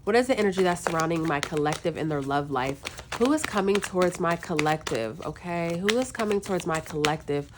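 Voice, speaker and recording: A woman's voice: on the low side, animated, a little fast, few pauses, background noise. A woman from the northern US East Coast giving a chatty, loose tarot reading to her viewers, full of fillers and asides. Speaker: tarot reader.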